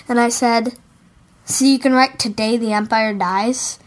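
A woman's voice: on the high side, fairly even intonation, unhurried. A woman co-hosting a podcast, eagerly retelling a story. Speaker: podcast co-host.

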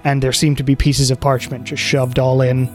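A man narrating as game master in a relaxed, halting way, full of fillers, over faint music. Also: medium pitch.

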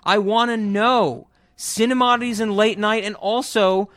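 A man hosting a casual movie podcast, animated and joking, laughing often and swearing freely. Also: high-pitched, a little slow, dry recording, studio quality. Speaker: podcast host.

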